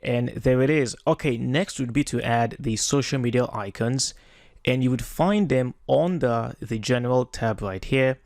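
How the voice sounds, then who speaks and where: A man giving a relaxed, step-by-step screen-recorded web design tutorial, correcting himself as he goes. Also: mid-range voice, moderate pace, gravelly, no room sound, studio quality.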